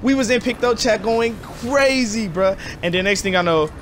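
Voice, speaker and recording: Young man, gaming YouTuber, slangy and animated, slightly high voice. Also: normal speed, slight background noise. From Detroit, USA. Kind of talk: casual storytelling over gameplay.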